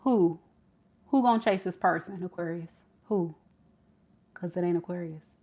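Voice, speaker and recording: A woman's voice: fairly low pitch, normal speed, dark tone. A woman giving a casual tarot reading, chatty and playful, with slangy phrasing. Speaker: tarot reader.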